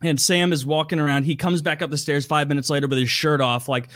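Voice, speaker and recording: A man's voice: mid-range voice, fairly even intonation, a little fast, hardly any pauses, fairly bright tone, no room sound, studio quality. A man retelling a story in casual chat, rambling, with many "like" fillers and frequent swearing.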